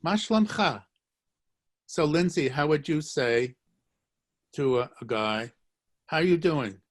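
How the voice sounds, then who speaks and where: A man's voice: fairly high pitch, slow pace. A man teaching a live online language lesson, joking, encouraging and repeating phrases for his students. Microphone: video call.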